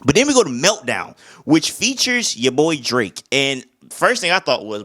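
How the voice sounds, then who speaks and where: A man's voice: sits high, normal speed. A young man giving a casual, slang-heavy album review, often breaking into humming and rapper imitations. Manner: animated, slangy, hums beats and imitates rappers. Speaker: music reviewer.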